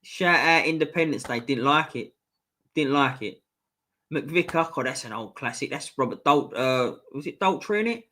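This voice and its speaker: A man's voice: a little high, lively intonation, moderate pace, sharp tone. A man hosting a live stream, reading out viewer comments and bantering bluntly with lots of swearing.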